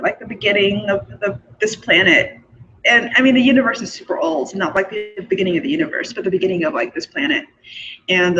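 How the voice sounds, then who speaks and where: In a dull, lo-fi recording, a young woman who hosts a forum shares spiritual beliefs in casual monologue form. She giggles often, fills her speech with fillers, and has a medium-pitched, slightly bright voice.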